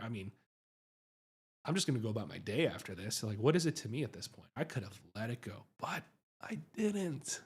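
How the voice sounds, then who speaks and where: Male host, casual livestream storyteller, husky voice, pitch swinging widely, self-deprecating and chatty. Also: a little fast. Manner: animated, self-mocking, chatty with many tags like "right?". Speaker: psychiatrist hosting a livestream.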